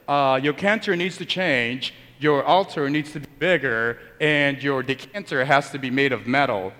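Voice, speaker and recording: A man's voice: medium pitch, moderate pace, bright, forceful tone, in a large hall. A man, a Catholic priest, giving a Sunday homily in a conversational storytelling manner, acting out the people in his stories. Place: church.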